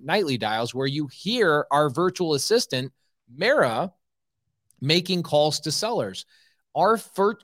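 A man's voice: on the high side, fairly bright tone. A man hosting a live podcast as a real estate coach, speaking bluntly and repeating his points for emphasis. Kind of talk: casual live podcast talk.

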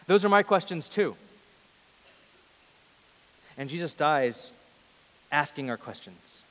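A man in his thirties preaching a sermon before a large congregation, earnest, moving between loud emphasis and soft, hushed lines. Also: fairly high pitch, expressive, slow. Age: 30s. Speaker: pastor. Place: large church hall before a big congregation. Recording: long reverb of a large hall.

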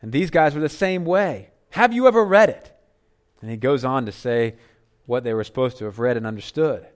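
A man preaching a sermon as pastor, earnest, dropping to softer tones for emphasis. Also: medium pitch, fairly quick.

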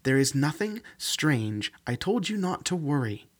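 A man's voice: fairly high pitch, very animated, a little slow, breathy edge, pitched above the performer's own voice, exaggerated voice. A man voicing a stern woman doctor under pressure, speaking urgently and curtly. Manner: urgent and curt.

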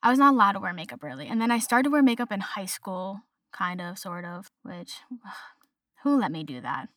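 A woman's voice: mid-range voice, expressive, normal speed, a bit bright, no echo, clean studio sound. A young woman in her twenties hosting a casual solo podcast, ranting in an exasperated, chatty way and mimicking others in quotes. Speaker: podcast host.

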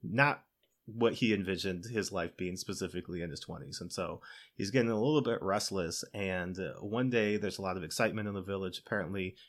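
A man with a somewhat low voice recaps a film for his podcast, talking loosely with plenty of "you know" and "like." He laughs as he goes and acts out the characters' lines in his own voice. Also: fairly quick. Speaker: podcast co-host. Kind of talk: casual movie recap.

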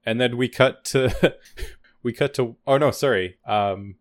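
A man chatting casually about a TV episode on a podcast, animated and quick to laugh, acting out lines from the show. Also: medium pitch, no room sound, clean studio sound. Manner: animated, laughs often, acts out quotes. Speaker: podcast co-host. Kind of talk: casual TV recap chat.

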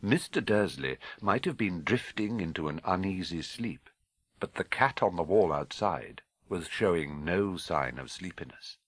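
British man, audiobook narrator, low voice, lively intonation, husky, dry close mic. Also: dry recording. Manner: expressive, measured storytelling. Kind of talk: scripted narration.

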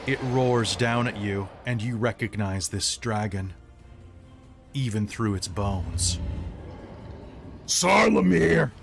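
A man's voice: fairly low pitch, steady tone, slow pace, over music. A man running a live tabletop game as game master, narrating dramatically in short phrases.

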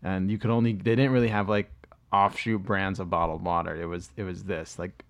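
Mid-man in his forties, lowish voice, loose profane podcast storyteller. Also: steady tone, fairly quick. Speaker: podcast co-host. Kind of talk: casual chat.

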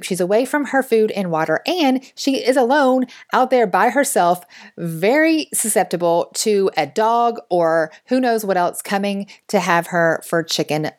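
A woman in her thirties hosting a faith podcast, telling a story with animated, laughing delivery. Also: mid-range voice. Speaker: podcast host.

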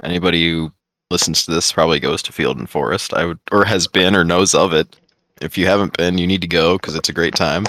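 A man, co-hosting a podcast and telling stories in casual chat, excitable and swearing freely. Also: deep voice, a little fast, no echo. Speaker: podcast co-host.

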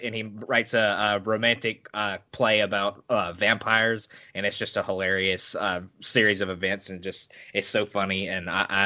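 Man, podcast co-host, lowish bright voice, halting with fillers, lo-fi sound. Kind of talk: casual movie chat.

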